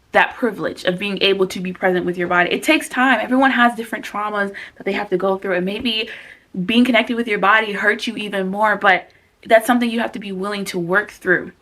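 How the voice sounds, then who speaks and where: A young woman talking casually and earnestly to camera about self-care and calming techniques, with frank, animated asides. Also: medium pitch. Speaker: vlogger.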